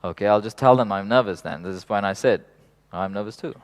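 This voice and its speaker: A man leading a workshop in an unhurried, reflective way, laughing softly now and then and swearing casually. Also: on the low side. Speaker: workshop facilitator.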